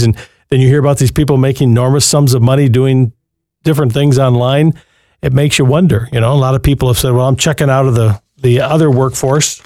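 A man's voice: medium pitch, dark tone, no echo, clean studio sound. A man hosting a Christian call-in advice show, talking to callers in a reassuring, folksy way. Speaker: radio call-in host.

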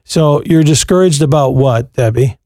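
A man's voice: medium pitch, normal speed, mellow, no room sound, studio quality. A man hosting a live Christian radio call-in show, giving earnest, encouraging advice to callers. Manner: earnest, encouraging, repeats and restarts phrases.

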